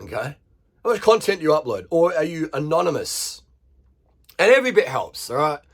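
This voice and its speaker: A man's voice: fairly high pitch, very animated, fairly quick, fairly bright tone. An Australian man ranting bluntly to camera, swearing freely and firing rhetorical questions at his viewers. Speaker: vlogger. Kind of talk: unscripted rant to camera.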